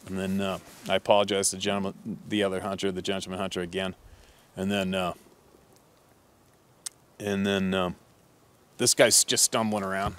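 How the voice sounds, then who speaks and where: A man's voice: low-pitched, flat delivery, normal speed, long pauses, a bit bright. Blunt, profane man telling a story. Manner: blunt, profane, rambling with fillers. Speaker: hunting guide. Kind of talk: casual storytelling.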